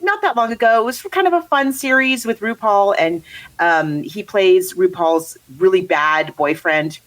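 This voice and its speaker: A woman's voice: mid-range voice, measured pace, rough recording. A woman co-hosting a casual movie review chat, rambling and laughing as she talks. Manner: chatty, rambling, laughs often. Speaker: podcast co-host.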